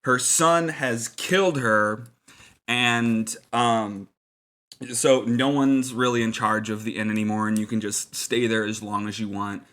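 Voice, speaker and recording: A man's voice: fairly low pitch, fairly even intonation, a little slow, fairly bright tone. A man giving casual game-master tips in a loose, filler-heavy, mock-serious way. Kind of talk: casual rambling advice.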